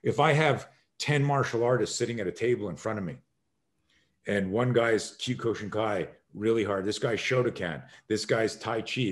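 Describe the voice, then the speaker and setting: Animated man in his sixties explaining. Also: lowish voice. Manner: acts out scenes with sudden shouted exclamations, swears freely; energetic, emphatic, rambling explanations. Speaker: self-defense instructor, podcast guest. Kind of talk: animated conversational storytelling.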